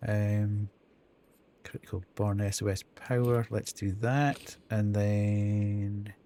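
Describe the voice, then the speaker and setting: Guy streaming a game, mellow warm tone, talks slow, counts stuff out loud to himself. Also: lowish voice, fairly even intonation. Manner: thinking aloud, counting and reading out menu items. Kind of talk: casual live gameplay commentary.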